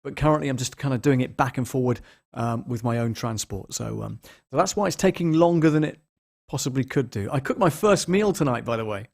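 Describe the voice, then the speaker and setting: A man's voice: medium pitch, fairly quick, vocal fry, a little mellow. A man hosting a casual live stream from a bare apartment lounge, chatty and rambling, greeting viewers by name with lots of ums. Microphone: large studio microphone, moved around at times.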